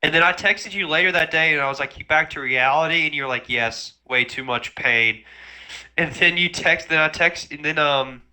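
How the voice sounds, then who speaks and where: A young man with a very bright, forceful voice, talking casually as a podcast co-host. He reads out strings of garbled messages, slowing down on each odd word. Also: on the high side, smooth. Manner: reads out garbled texts in slow, deliberate voices. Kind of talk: casual chat.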